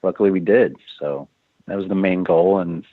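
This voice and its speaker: A man's voice: deep voice, normal speed, no echo. A man being interviewed as a guest musician, telling rambling stories with frequent chuckles. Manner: rambling storyteller, chuckles often. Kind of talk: casual interview chat. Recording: tinny phone line.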